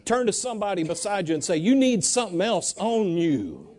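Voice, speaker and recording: Male preacher, high mellow voice, lively sermon with call-and-response. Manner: animated, drawls Bible verses slowly.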